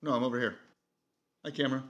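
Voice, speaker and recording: A man's voice: medium pitch, steady tone, quick pace, fairly bright tone, dull audio. A man hosting a casual product demo, easygoing and thinking aloud as he goes. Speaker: product reviewer.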